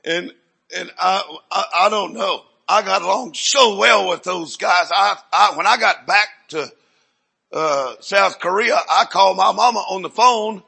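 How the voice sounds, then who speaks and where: An older man, preaching in a rambling, folksy storytelling sermon with sudden shouts. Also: high voice, unhurried, creaky, husky.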